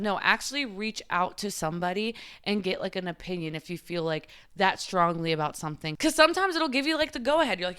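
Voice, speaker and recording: Smooth-voiced woman, chatty vlogger. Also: medium pitch, fast talker, few pauses, fairly bright tone. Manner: chatty, frequent filler "like"; open and confiding. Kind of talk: casual advice monologue.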